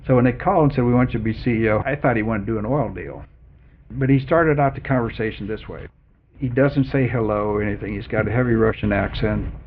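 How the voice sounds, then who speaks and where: An older man, a former chief executive from Canada and Colorado, tells a long story about his working life in an oral history interview. He's an animated storyteller who acts out the other people involved, quoting them in dialogue. His voice is lowish and quick, heard over a narrow, phone-like band with faint noise.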